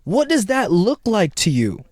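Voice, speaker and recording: A man's voice: sits high, wildly swooping pitch, unhurried, a little mellow, dry recording, studio quality. A young man hosting a casual commentary video, rambling in slangy talk and often checking in with his listener. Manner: rambling, slangy, keeps asking "right?". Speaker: video essay host.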